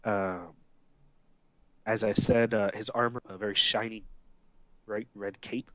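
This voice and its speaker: A man's voice: lowish voice, fairly even intonation, a bit bright, no echo. Hesitant male game master, dry close sound. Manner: halting, frequent "uh" fillers. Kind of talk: narrating a tabletop game.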